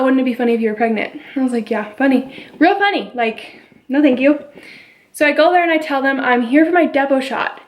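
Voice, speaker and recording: A young woman vlogging at home, chatting casually as she retells a story and quotes the people in it. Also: high-pitched. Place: at home with her baby.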